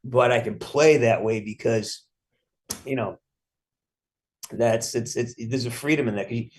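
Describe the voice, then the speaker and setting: A man's voice: mid-range voice, unhurried. Middle-aged man swearing casually in interview. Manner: rambling, frequent restarts, casual swearing. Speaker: actor interview guest.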